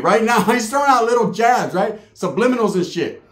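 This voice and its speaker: A man's voice: sits high, animated, a little fast, fairly bright tone. A man telling a comedic, profane story, acting out voices as he goes. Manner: profane, streetwise, acts out voices. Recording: echoey room.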